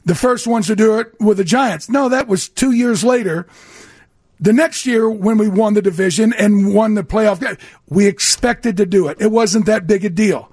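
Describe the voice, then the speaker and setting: Older male ex-player co-host, husky high voice, dry studio mic, animated storyteller. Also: normal speed, dry recording. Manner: animated storyteller, acts out quoted voices, restarts often. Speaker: radio co-host and former pro football player. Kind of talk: casual sports radio storytelling. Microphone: studio microphone.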